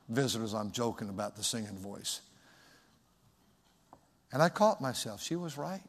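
A man's voice: medium pitch, animated, normal speed, pauses often, husky, in a large hall. A male pastor preaching a sermon, telling a personal story in a reflective, folksy way.

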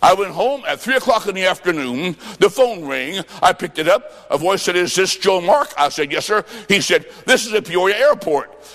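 A man preaching a revival sermon, fervent and storytelling, sometimes shouting. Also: high-pitched, animated, normal speed, long reverb tail. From Illinois, United States. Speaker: evangelist preacher.

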